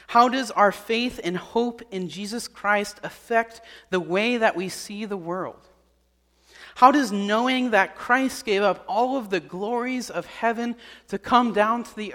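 Male pastor, high voice, earnest sermon delivery, long reverb of a church hall. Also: fairly bright tone. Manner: earnest, repeats key points, small restarts.

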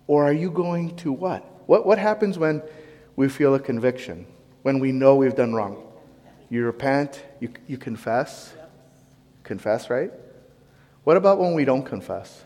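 A male pastor preaching, telling a lively personal story and firing questions at the congregation. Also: mid-range voice, unhurried, pauses often, big-room sound. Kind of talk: sermon.

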